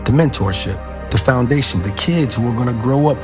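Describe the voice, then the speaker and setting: A man giving scripted tribute narration in a measured, reflective delivery with dramatic pauses. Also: mid-range voice, lively intonation. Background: music.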